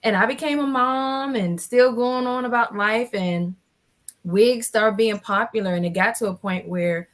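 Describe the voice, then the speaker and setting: A woman in her forties with a slightly higher voice, telling her own story as a panel guest. She talks in a lively, animated way and acts out the lines of the people in her story. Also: a little slow. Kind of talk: personal storytelling in a casual panel chat.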